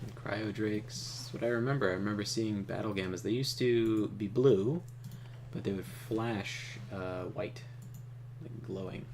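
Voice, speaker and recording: A man's voice: lowish voice, unhurried, darkish tone, slight background noise. A man hosting a let's play, reading the game's text aloud and making casual asides with the odd chuckle. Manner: casual, chuckling asides, trips over names. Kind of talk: reading game text and commenting while playing.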